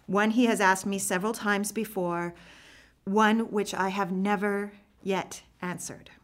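A woman reading a first-person story aloud, earnest and reflective, with expressive phrasing. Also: medium pitch, a little slow. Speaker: narrator.

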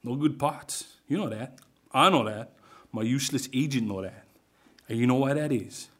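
A man's voice: medium pitch, moderate pace, lightly acted. A man voicing a brash local actor who brags and scoffs. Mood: grumbling. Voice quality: pidgin slang, cocky and scoffing. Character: brash local Hawaiian actor, boastful and loud.

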